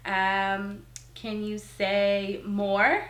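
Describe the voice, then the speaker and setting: A young mother vlogging at home, talking slowly and easily with lots of fillers. Her voice sits at a middle pitch. The room around her is echoey. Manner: chatty and relaxed, full of ums and likes. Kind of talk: casual chat to camera.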